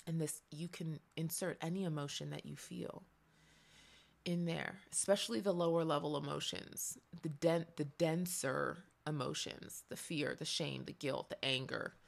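A woman talks through a spiritual reflection at an unhurried pace. She is gentle and earnest and often repeats a phrase to let it land. Her low voice carries a gravelly edge. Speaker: host of a reflection channel.

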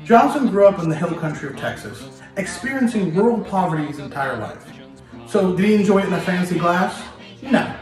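Male history host, playful storyteller, slightly high voice, roomy distant sound, music under. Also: fairly quick. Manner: lively, addresses listener directly, playful. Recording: very echoey room, distant mic, music behind.

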